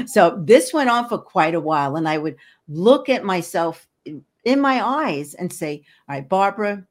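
A woman who is an energy healer and hypnotherapist appears as a guest in a podcast interview, speaking earnestly and encouragingly with frequent restarts. Her voice is on the low side, animated, at normal speed.

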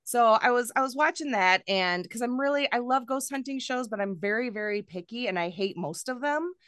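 A woman's voice: on the high side, expressive, fairly quick, a bit bright, clean tone, no room sound, studio quality. A woman hosting a podcast in casual chat, candid and a little profane, laughing often as she talks. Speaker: podcast host.

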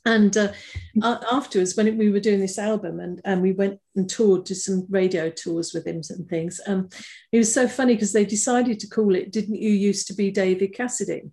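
An older woman talks as an interview guest, spinning fond stories in an easy, rambling way. She restarts her sentences often and breaks into laughter as she recalls things. Her voice sits at an ordinary middle pitch for a woman. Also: steady tone, normal speed, vocal fry. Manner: chatty, warm-hearted anecdotes with frequent restarts and laughter. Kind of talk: casual conversational storytelling.

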